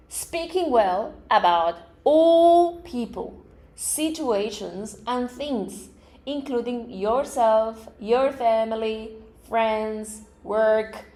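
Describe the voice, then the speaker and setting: Slow-talking woman teaching metaphysics. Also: on the high side, a little mellow. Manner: earnest, acts out affirmations and everyday reactions; repeats words and restarts phrases. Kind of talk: spiritual teaching talk. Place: live event in front of a group.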